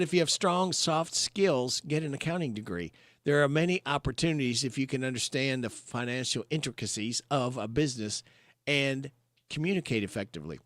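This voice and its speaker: Guy on local radio cracking dad jokes, dry close studio mic, regular pitch. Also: fairly bright tone, no echo. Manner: jokey, reads listener comments aloud. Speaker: radio host. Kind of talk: live radio chat.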